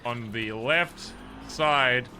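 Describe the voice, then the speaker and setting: A man's voice: medium pitch, very slow, over music. An English man streaming a roleplay game, rambling and joking at himself with his viewers. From England. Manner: rambling, self-mocking, laughs at own remarks. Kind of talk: casual chat to stream viewers.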